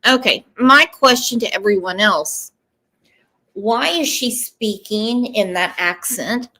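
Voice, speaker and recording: A woman's voice: on the high side, lively intonation, slow pace, bright, forceful tone. A woman giving casual true crime commentary, emphatic and stopping often to ask "okay?". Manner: emphatic, repeats "okay?" for stress.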